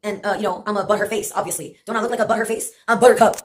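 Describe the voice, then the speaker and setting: A woman's voice: mid-range voice, fairly even intonation, racing. A woman in her late twenties telling a rambling, profane personal story with sardonic asides and laughs mid-sentence. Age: late 20s.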